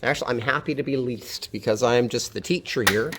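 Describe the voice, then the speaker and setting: A man's voice: medium pitch, fast talker, fairly bright tone, slight background noise. A man teaching a phonetics lesson, explaining pronunciation patiently and thinking aloud as he goes. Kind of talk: phonetics lecture.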